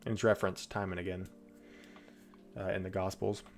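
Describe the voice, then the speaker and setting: A man on a stream reads Bible passages aloud and wanders into chatty, loose asides. His voice is low, brisk and fried, with little pitch movement, and soft music plays in the background.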